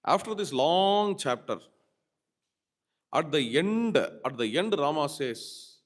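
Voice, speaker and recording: A man's voice: fairly high pitch, expressive, slow pace. A man giving a devotional scripture discourse as a spiritual teacher, repeating key phrases for emphasis and quoting verses.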